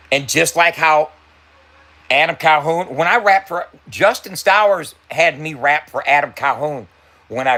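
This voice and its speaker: Profane, laughing gravelly man telling a story. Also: medium pitch, sharp tone. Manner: loose, profane, laughing, repeats words. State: stoned. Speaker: tattoo artist and rapper telling stories. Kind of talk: casual storytelling to viewers.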